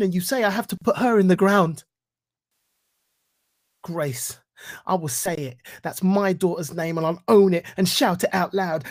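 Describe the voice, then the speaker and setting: A man giving a reflective talk and reciting spoken-word poetry in an earnest, rhythmic way with deliberate pauses. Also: high voice. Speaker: guest speaker.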